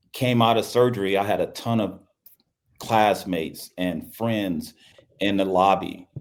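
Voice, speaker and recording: This deep, somewhat dark male voice belongs to a middle-aged Louisiana basketball coach recounting a personal story during an interview. He speaks earnestly, repeating phrases and performing the lines he quotes.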